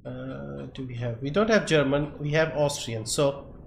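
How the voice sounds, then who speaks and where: Male streamer, unhurried, puzzles aloud and mutters to himself; roomy echo, faint hiss. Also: mid-range voice, gravelly. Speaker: game streamer. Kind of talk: live gameplay commentary. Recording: echoey room, faint background noise.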